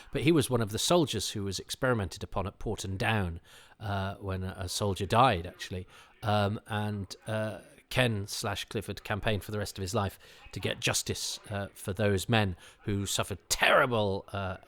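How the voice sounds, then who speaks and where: A middle-aged man talks through an old television episode as a podcast host, eager and digressive. His voice sits a little low. He stumbles over restarts and fillers as he chases one tangent after another. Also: a bit bright.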